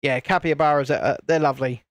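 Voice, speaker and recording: High-voiced, chatty British man. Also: steady tone, fast talker, dry recording. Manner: chatty and jokey, laughs often, restarts sentences. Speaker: live-stream host. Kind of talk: casual chat while building, answering viewer comments.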